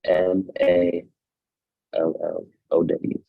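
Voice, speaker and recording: A man answering a judge as a defendant in short, quiet replies. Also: sits low, completely flat delivery, very slow, vocal fry, soft background music. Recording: dull, lo-fi call audio.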